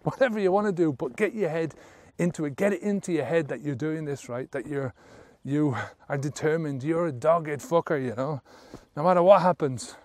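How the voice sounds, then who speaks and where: A man with a slightly high, darkish voice talks at normal speed with hardly any pauses, and there's no room sound. As a sobriety coach speaking to camera, he's sincere and direct about quitting drinking, swearing casually and checking in with "right?"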